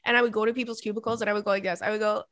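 A woman's voice: mid-range voice, fairly even intonation, very fast, a bit bright, dry recording, studio quality. A woman in her thirties hosting a podcast, reading listener emails in a casual chat full of laughing tangents and swearing.

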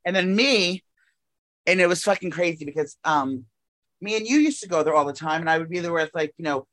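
A man's voice: a little high, animated, brisk, a bit bright. A man co-hosting a podcast, chatting casually and rambling with lots of fillers, restarts and swearing. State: out of breath. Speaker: podcast co-host. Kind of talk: casual chat. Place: New York apartment.

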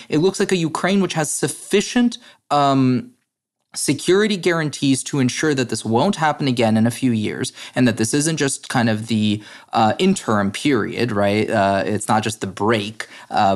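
A man's voice: mid-range voice, moderate pace. A man speaking as an interview guest, earnest and explanatory, with frequent fillers and restarts. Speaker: guest, head of a democracy nonprofit. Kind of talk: interview conversation.

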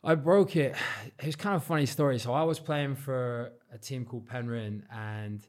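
A young man from Cornwall chatting casually as an interview guest, relaxed and modest, with lots of "like" and "um". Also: mid-range voice, normal speed. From Cornwall, England. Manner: relaxed, modest, many fillers like "like" and "um". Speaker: guest, freestyle football champion.

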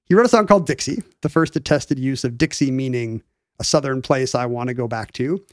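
A man in casual chat, explaining a bit of history in an animated way with lots of fillers and restarts. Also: medium pitch, a little fast, dry recording, studio quality.

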